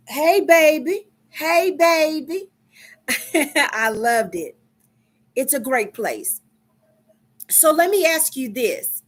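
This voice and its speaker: A woman in her fifties from Dallas with a Texan accent, chatting casually with viewers on a live stream, unhurried and full of ums. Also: medium pitch, slight background noise. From Dallas, Texas. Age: 50s. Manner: slow, chatty, many ums.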